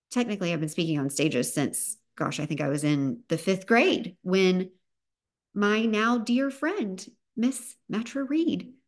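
A woman in her thirties with a Southern US accent, hosting a motivational podcast in an upbeat, emphatic pep-talk manner. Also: fairly high pitch. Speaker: podcast host.

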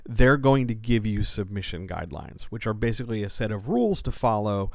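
A man with a fairly low voice talks through a listener question on his podcast in a loose, explanatory way. He hesitates, restarts, and drops in fillers as he thinks aloud, like a coach speaking off the cuff. The sound is dry and close, with no room echo. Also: animated, fairly quick, gravelly. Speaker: writing coach and developmental editor. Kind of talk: casual solo podcast Q&A.

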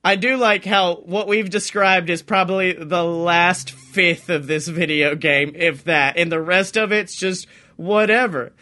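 A man co-hosting a comedy podcast, excitable and quick to laugh and swear as he riffs in casual chat. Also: sits high. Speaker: podcast co-host.

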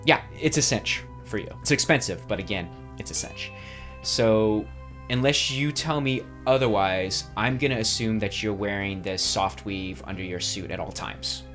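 A man's voice: fairly low pitch, normal speed, faint music behind. A man running a tabletop game as game master, narrating scenes and voicing side characters in an easygoing way. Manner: lively, easygoing.

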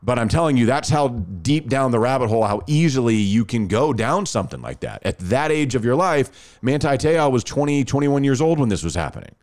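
A man telling a long story in casual chat, animated and full of restarts. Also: mid-range voice, brisk, hardly any pauses.

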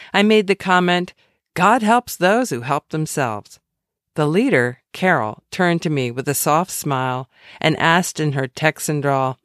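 A woman reads aloud from her own devotional book, her voice rising and falling in a lively, expressive way. She keeps it conversational and drops in wry asides, and the sound is close and dry with no room echo. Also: low-pitched.

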